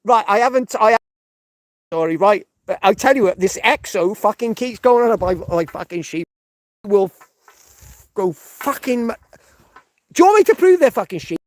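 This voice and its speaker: A man's voice: high-pitched, big pitch swings, normal speed, long pauses, no echo. A man from the United Kingdom hosting a rambling live stream, swearing heavily and checking in with "right?" all the time. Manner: rambling, heavy swearing, frequent restarts and "right?". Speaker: livestream host.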